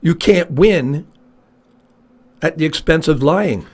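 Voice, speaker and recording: Brief: retired male co-host, high voice with a wide, lively swing, loose rambling chat. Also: slow. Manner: rambling, animated storytelling. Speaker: podcast co-host. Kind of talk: casual chat.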